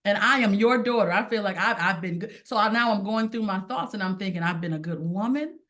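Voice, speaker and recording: A woman of ordinary pitch speaks as a podcast guest, telling her own story with earnest feeling. She talks in a lively way and acts out the lines that she and others said. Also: fairly quick. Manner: earnest, animated storytelling with acted-out quotes. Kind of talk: casual personal testimony.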